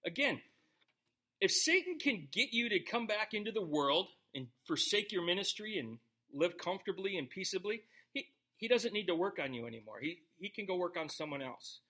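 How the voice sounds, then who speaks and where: A pastor teaches through a Bible passage in a relaxed, conversational style, tossing jokes to the congregation between verses. His voice sits high and sounds sing-song, pushed and bright, at a moderate pace.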